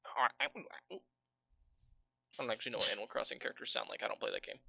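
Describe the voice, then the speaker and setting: A man's voice: mid-range voice, wildly swooping pitch, fast talker, gravelly, sharp tone, husky, no room sound. A man as game master, recapping a tabletop game on a livestream in a casual, rambling way, with swearing and many fillers.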